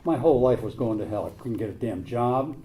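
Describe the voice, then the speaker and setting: A man's voice: mid-range voice, expressive, a little fast, dark tone, a little hiss or hum. An older man telling his own recovery story to a group, blunt and plain-spoken, with some mild swearing. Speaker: recovery meeting speaker.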